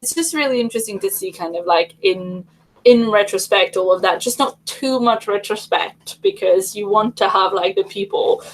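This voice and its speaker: A woman's voice: mid-range voice, moderate pace, rough recording. A woman hosting a casual livestream chat, talking in a rambling way with many fillers and restarts. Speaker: livestream host.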